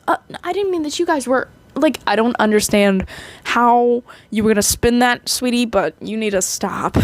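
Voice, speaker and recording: A woman's voice: medium pitch, dry recording. A young woman casually recapping a movie, chatty and rambling, with frequent restarts and playful asides.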